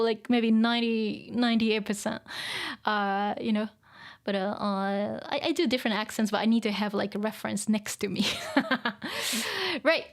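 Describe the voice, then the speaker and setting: A woman whose first language is Japanese, chatting casually on a live stream, reading out viewer comments, laughing often and using many fillers. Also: fairly high pitch.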